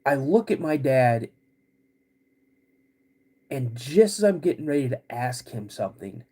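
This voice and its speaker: Husky-voiced man telling a story. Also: medium pitch, animated, warm tone. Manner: halting, with frequent restarts and "like". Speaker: podcast host. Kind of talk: personal storytelling.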